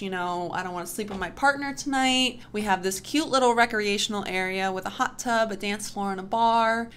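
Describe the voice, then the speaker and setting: A woman's voice: mid-range voice, a bit bright, slight background noise. Chatty, foul-mouthed young woman gamer. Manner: chatty, swears freely, laughs often. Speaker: YouTuber building Sims characters. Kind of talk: casual gameplay commentary.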